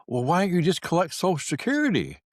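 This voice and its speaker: An older man voicing a nosy, naive younger male neighbor with a high, incredulous tone. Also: wildly swooping pitch, fast, no echo, studio quality, heavily acted. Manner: high, squeaky, incredulous questioning.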